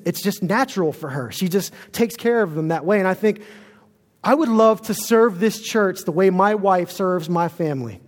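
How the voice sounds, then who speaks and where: A man's voice: sits high, long reverb tail. A man preaching a sermon as pastor in a church, earnest and storytelling.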